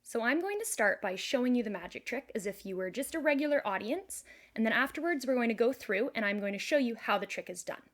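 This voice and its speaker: Young woman leading kids' warm-ups, upbeat and slow, bit high voice, camera mic indoors. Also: animated. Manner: cheerful, slow and encouraging, guides warm-up games. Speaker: children's music and magic teacher. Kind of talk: children's lesson.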